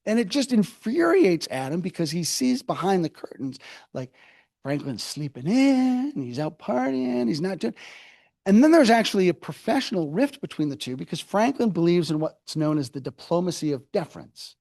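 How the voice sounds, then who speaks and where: A man gives a public history lecture in a university hall. He tells it as a lively storyteller, mocking people in quick asides. His voice sits a little high and swings widely in pitch. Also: creaky. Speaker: author giving a book talk.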